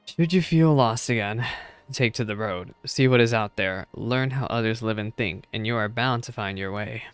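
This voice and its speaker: A man voicing a serene, wise male deity, reading game dialogue aloud in a soft, measured, solemn way. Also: fairly low pitch, clear, resonant tone, soft background music, close to an everyday voice. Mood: calm, consoling.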